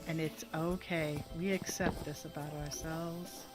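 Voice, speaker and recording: A woman's voice: sits low, steady tone, measured pace, loud music behind the voice. A woman livestreaming a game from home, chatting playfully and laughing often. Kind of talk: casual gameplay livestream chat.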